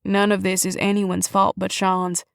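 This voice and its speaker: A woman doing a steady, grave police chief. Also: medium pitch, unhurried, vocal fry, dry recording, clean studio sound. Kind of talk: audiobook character reading.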